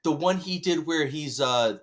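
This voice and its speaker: A man's voice: fairly high pitch, unhurried, a bit bright. A man co-hosting a podcast in casual chat, who laughs often and repeats himself. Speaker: podcast co-host.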